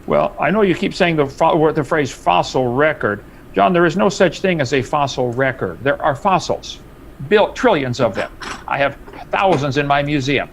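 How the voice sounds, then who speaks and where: Emphatic man arguing, high bursts. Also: animated, moderate pace, creaky, slight background noise. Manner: emphatic, rises high when pressing a point. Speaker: debate guest. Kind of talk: heated live-stream debate.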